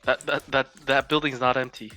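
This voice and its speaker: A man's voice: medium pitch, little pitch movement, brisk, pushed and bright. A man playing a tabletop game, speaking casually and hesitantly. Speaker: player.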